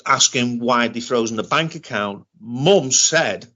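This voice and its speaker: Man, British accent, middle-aged, interview guest, halting, repeats himself, mid-pitched voice. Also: pushed and bright. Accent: British English. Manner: halting, repeats words and restarts often. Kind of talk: telling a personal story in conversation. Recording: dull lo-fi recording.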